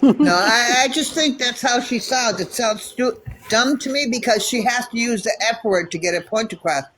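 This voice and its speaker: A woman's voice: on the high side, moderate pace, a bit bright, husky. Middle-aged American woman, chatty storyteller with blunt opinions, phone livestream guest. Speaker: guest caller. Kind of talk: casual livestream chat.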